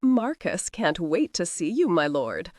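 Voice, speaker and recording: A woman's voice: fairly low pitch, very animated, measured pace, darkish tone, dry recording, clean studio sound. A woman voicing a witty young noblewoman who talks in a sweetly sarcastic, mock-guilty way. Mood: sly teasing.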